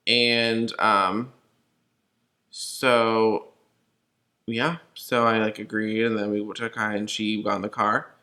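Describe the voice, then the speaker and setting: A man's voice: fairly low pitch, level tone, slow, pauses often, bright, forceful tone. A young man from California, shaken and upset, telling a personal story in a casual, profane, rambling way full of fillers. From Los Angeles.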